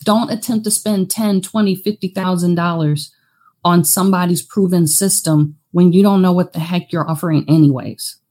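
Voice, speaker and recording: A woman's voice: on the low side, moderate pace. A woman therapist and business owner, talking frankly and casually as a guest in an interview. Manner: frank, animated, slips into quoted self-talk.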